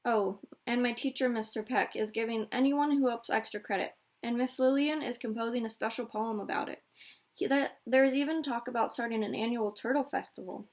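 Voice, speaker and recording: A cheerful, curious young boy from a storybook, as a woman reading aloud puts him on. The voice sits a little higher and brighter than her narration, excited and quick to grin. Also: lightly acted. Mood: upbeat.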